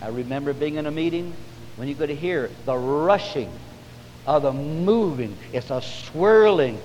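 A man's voice: on the high side, expressive, a little mellow. Fervent preacher man in an echoing hall. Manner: preaching with rising fervor and drawn-out emphasis. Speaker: pastor. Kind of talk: revival sermon. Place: church service. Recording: long hall reverb with faint hum.

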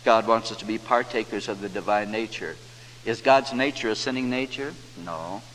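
A man preaching a sermon, quoting scripture and slowing down for emphasis. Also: lowish voice, fairly bright tone. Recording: reverberant hall, faint hum.

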